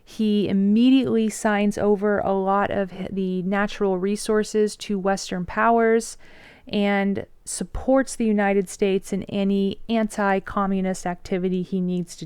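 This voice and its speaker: Clear-voiced woman teaching casually. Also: mid-range voice, a little mellow, dry recording. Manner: chatty, breezy, slangy storytelling. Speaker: history teacher. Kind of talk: casual history lecture.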